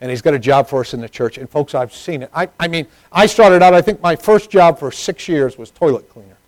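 A middle-aged man preaching a sermon, moving from hushed personal stories to loud, emphatic preaching. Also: a little high, brisk, no echo, low-quality recording.

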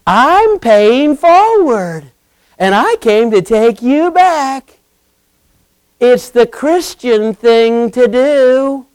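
A man voicing a kind, soft-spoken woman stranger who offers help. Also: sing-song, clean tone, no echo, full character voice. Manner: soft, sweet, slow, rising higher.

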